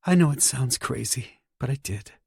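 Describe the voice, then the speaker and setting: A man voicing a tearful, grieving pregnant young woman in an audiobook, raising his voice softly. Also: animated, normal speed, gravelly, slightly rough, dry recording, studio quality, exaggerated voice. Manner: soft, higher put-on voice.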